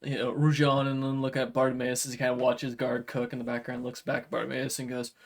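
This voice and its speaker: A man's voice: mid-range voice, completely flat delivery, fast talker, few pauses. A man narrating as game master of a tabletop game, rambling with many fillers. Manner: rambling narration full of "like" and "kinda".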